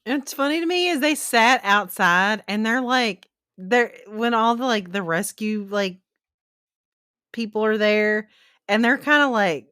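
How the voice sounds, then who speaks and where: A woman co-hosting a podcast, chatty and reactive, quick to laugh. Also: a little high, pushed and bright, clean tone, dry recording, studio quality. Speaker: podcast co-host. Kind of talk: casual chat.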